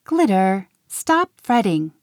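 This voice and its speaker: A woman's voice: mid-range voice, very animated, slow, darkish tone, dry recording. Woman reading as a fussy storybook unicorn lady, worried and exasperated, dry close sound. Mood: fretting. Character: fretful, bossy female unicorn-like creature.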